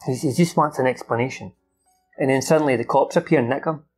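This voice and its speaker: A man's voice: mid-range voice, fast, darkish tone, faint music behind. A man recapping a film's plot off the cuff, swearing often and acting out the characters' lines. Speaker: film reviewer.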